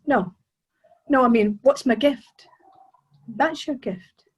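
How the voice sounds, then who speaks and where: A woman's voice: sits high, slow pace, breathy edge, full character voice. A woman voicing a naive, polite young male fisherman who sounds anxious, eager and stammering. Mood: flustered.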